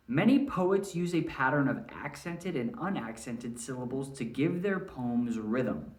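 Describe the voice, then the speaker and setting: A man teaching a lesson to his students, friendly and patient, checking in again and again with "all right?". His voice sits at a middle pitch. The recording sounds roomy, with the mic some distance away.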